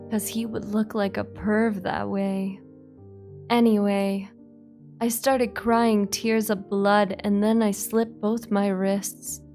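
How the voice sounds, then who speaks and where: A young woman reading a fan fiction aloud in a deadpan comic manner, with sarcastic asides. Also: mid-range voice. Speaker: virtual streamer reading aloud.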